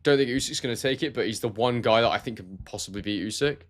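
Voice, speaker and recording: A man's voice: mid-range voice, fast. A man with a neutral southern English accent, hosting a casual live stream and chatting about boxing while reading out viewer comments. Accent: neutral southern English, no regional trace. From Scotland. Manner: relaxed, chatty, addresses viewers as mate. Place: warm room at home.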